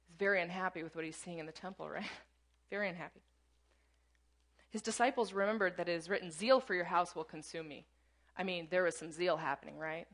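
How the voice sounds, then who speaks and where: A woman's voice: lowish voice, a little fast, fairly bright tone. A woman preaching a sermon in a conversational teaching style, often checking in with "right?" between points. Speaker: pastor.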